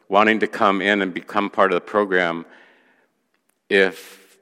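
Bright-voiced preacher in a reverberant hall. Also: male voice, on the low side. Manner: animated storyteller who acts out quoted voices. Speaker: pastor. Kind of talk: sermon storytelling.

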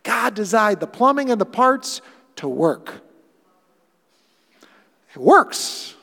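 A man preaching a sermon as pastor, animated, acting out quoted lines with playful voices. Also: high-pitched, a little slow, big-room sound.

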